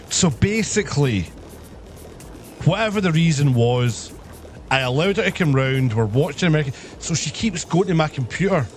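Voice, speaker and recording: A man's voice: on the high side, a little hiss or hum. Profane man telling a story. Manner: profane, animated, acts out the people in his story. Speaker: livestreamer. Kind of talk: casual storytelling on a live stream.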